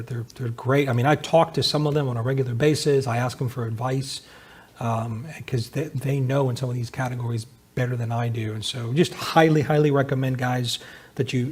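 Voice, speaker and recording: A man addressing a men's group, speaking haltingly and repeating words as he goes. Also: medium pitch, a little mellow, husky. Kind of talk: casual group talk.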